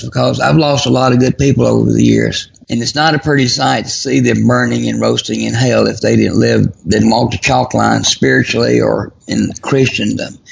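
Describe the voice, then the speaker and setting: A grieving man, a recent widower, talking reflectively as a guest, often halting and restarting. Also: mid-range voice, creaky, husky, dull audio. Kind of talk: casual conversation.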